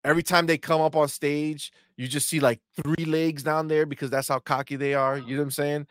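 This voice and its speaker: Animated joking man, dry mic. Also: fairly high pitch, brisk, no echo. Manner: animated, joking, slips into silly voices. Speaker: podcast co-host. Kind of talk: casual chat reading live chat.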